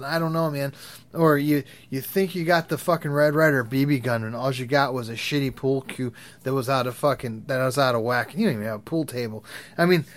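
Young guy ranting and swearing through stories, slightly high voice, rambles a lot. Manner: rambling, crude, laughs at his own stories. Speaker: vlogger. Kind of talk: profane storytelling rant.

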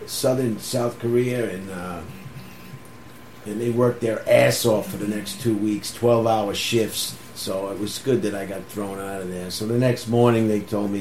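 A man casually telling animated stories about his military days, laughing through them. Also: on the low side, unhurried, a crowd in the background. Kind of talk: casual storytelling chat. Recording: echoey room with faint background hum.

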